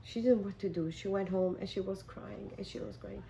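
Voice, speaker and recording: Mellow-voiced woman telling a story, hesitant. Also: mid-range voice, fairly even intonation, a little fast, gravelly, slight background noise, rough recording. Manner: hesitant, with fillers and restarts.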